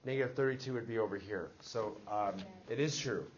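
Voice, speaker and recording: A man's voice: fairly low pitch, fairly quick, highs cut off, slight background noise. A man teaching a math class, leading with questions and checking in with his students. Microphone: classroom recording device.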